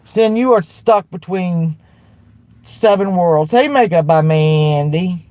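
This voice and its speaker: A woman hosting a livestream, ranting bluntly with lots of swearing and restarts while answering her chat, then turning soft to apologize. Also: lowish voice, slow pace, no echo. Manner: blunt and profane, with frequent restarts; fired-up and defiant, turning soft when apologizing. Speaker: livestream host.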